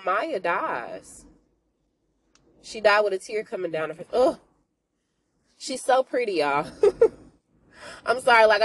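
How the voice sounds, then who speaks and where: A woman hosting a podcast, recapping a TV series in a casual, animated, slangy way, often speaking to listeners as y'all. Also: medium pitch. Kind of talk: casual chat.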